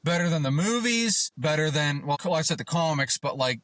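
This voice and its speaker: A man co-hosting a casual podcast, talking in an excitable, rambling way with many restarts. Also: fairly high pitch, moderate pace, dry recording. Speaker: podcast co-host.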